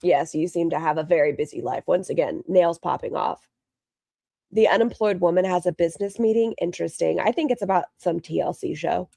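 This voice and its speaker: A woman's voice: on the low side, fairly quick, gravelly, warm tone, dry recording, studio quality. A woman live-streaming commentary, sarcastic and mocking, reading out super chats between asides. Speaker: reaction streamer.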